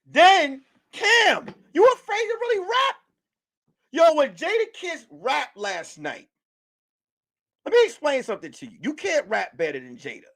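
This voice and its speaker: Loud jokey guy ranting at the camera, high voice, swings up and down a lot. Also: sing-song, measured pace. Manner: loud, mocking, swearing. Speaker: vlogger. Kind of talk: comedic rant to camera.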